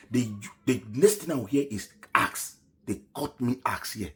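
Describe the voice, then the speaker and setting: A man's voice: on the low side, lively intonation, moderate pace. Man earnestly recounting his own story. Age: middle-aged. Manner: earnest, emotional retelling, often dropping to a hushed voice. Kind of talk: personal story told to camera.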